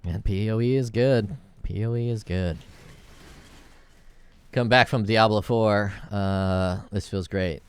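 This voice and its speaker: A man's voice: fairly low pitch, slow pace, long pauses, clear, resonant tone. A man giving casual gameplay commentary, thinking aloud as he plays and rambling into jokes with the odd curse. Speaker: gameplay video creator.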